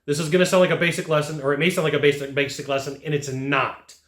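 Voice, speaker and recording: Speaking quickly in a fairly high, fairly bright voice with little pitch movement, a sales trainer teaches a lesson directly to camera. He's emphatic, repeating phrases to drive his points home, and the room is echoey.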